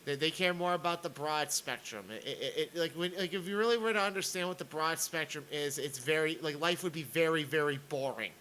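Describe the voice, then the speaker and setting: A man's voice: a little high, fairly quick, hardly any pauses, bright, forceful tone, slight background noise, low-quality recording. A man streaming a sarcastic rant, stammering and repeating words as he comments on clips.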